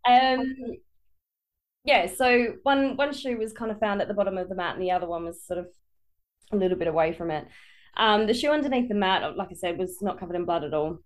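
A woman's voice: medium pitch, brisk. A woman from Perth, Australia, walking co-hosts through a case in casual podcast chat, hedging and laughing easily. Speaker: podcast co-host presenting a case.

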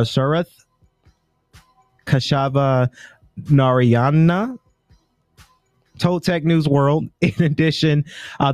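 A man's voice: medium pitch, a little mellow, no room sound, studio quality. A man from the United States hosting a podcast, talking through the news in a loose, rambling way and stopping often to correct himself. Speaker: podcast host. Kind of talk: casual podcast commentary.

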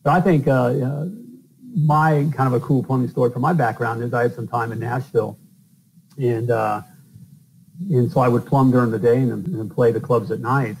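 A man's voice: mid-range voice, steady tone, normal speed, creaky, a little mellow, a little hiss or hum, low-quality recording. A middle-aged man from the northern US, a plumber and podcast host, telling stories in a loose, rambling way with lots of fillers. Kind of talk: casual storytelling interview.

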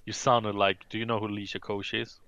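A man co-hosting a relaxed gaming talk show, with a gravelly, bright-edged voice. He rambles through stories, swears freely and jokes around. The sound is dry and close. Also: fairly low pitch, fast talker, no room sound, muffled recording. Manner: joking, swearing, rambling storyteller. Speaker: podcast co-host. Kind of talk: casual gaming chat.

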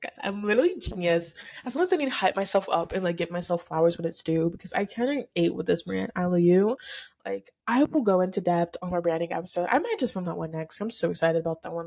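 A woman's voice: medium pitch, vocal fry, a little mellow. Giggly, emotional teen podcast girl. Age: teens. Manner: giggly, gushing, rambling with many "like"s. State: emotional, near tears. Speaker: podcast host. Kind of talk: casual solo podcast chat. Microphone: camera setup for filming.

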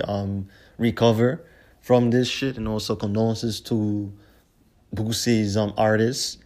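A man's voice: on the low side, a little mellow. Heated, cursing man ranting. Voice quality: profane, heated, repetitive. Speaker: vlogger. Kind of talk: casual ranting commentary.

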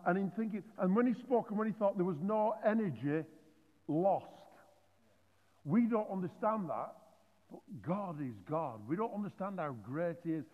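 A man preaching a sermon, animated and joking, with many restarts. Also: fairly high pitch. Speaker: pastor. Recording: phone-like audio in a reverberant hall.

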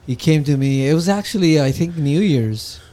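A man's voice: fairly high pitch, animated, moderate pace, dark tone. A man in casual chat, telling a rambling story in a laid-back way and acting out what people said.

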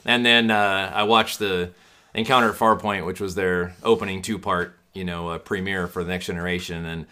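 A man with a low, bright-edged voice talks in a relaxed podcast chat. He rambles happily through his memories, leaning on plenty of "uh" and "you know". His delivery stays friendly and conversational. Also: normal speed. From from Sacramento area. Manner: enthusiastic, rambling with many fillers. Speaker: podcast guest. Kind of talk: casual chat.

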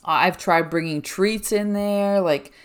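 Young woman, low-pitched, solo podcast host; rambling, filler-heavy casual chat, slightly breathless. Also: slow pace, clean tone.

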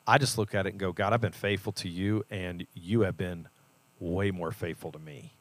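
A man's voice: sits low, steady tone, normal speed, no echo. A man from a church, talking earnestly and reflectively about faith in a casual conversation. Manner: earnest, reflective, builds to emphatic points. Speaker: church leader and podcast co-host.

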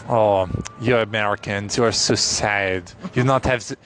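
A man's voice: lowish voice, a bit bright, a little hiss or hum. A man putting on a mock French accent as a snooty Frenchman, haughty and scoffing. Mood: scornful. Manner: haughty, scoffing, slow and disdainful.

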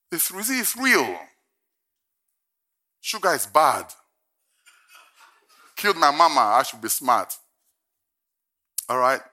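Gravelly, bright-voiced older male preacher. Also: on the high side. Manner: humorous storytelling that builds to emphatic preaching. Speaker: pastor. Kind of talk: sermon.

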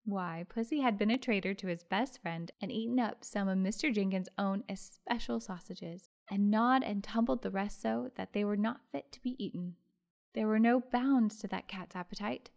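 A woman's voice: medium pitch, moderate pace, creaky, a little mellow. Woman narrating a classic storybook. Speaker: audiobook narrator. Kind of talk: audiobook reading of a classic story.

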